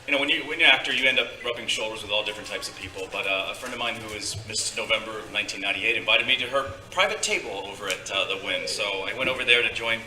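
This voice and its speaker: Storyteller, male, tense bright tone, heard from afar in an echoey hall. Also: fairly low pitch, rapid-fire, hardly any pauses. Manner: rambling, hesitant with many fillers. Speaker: storyteller guest. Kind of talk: live stage storytelling. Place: convention stage before a live audience. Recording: echoey hall, distant mic.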